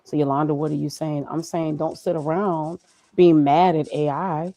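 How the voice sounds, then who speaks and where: In a casual motivational conversation, a woman who works as a graphic designer is interviewed about her own experience. Her low-pitched voice is steady and mellow, at normal speed with no echo, and her manner is emphatic and preachy.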